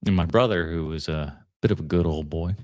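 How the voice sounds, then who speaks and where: A man's voice: sits low, a little fast, a little mellow. Rambling man hosting a podcast. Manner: rambling storyteller, laughs mid-story, many fillers. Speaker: podcast host. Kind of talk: casual podcast chat.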